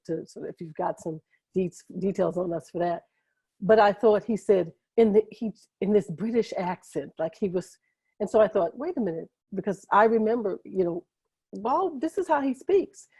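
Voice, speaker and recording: A woman's voice: lowish voice, a little mellow, no room sound. A woman hosting a video call conversation, asking long, enthusiastic, rambling questions that she keeps interrupting herself. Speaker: host and moderator.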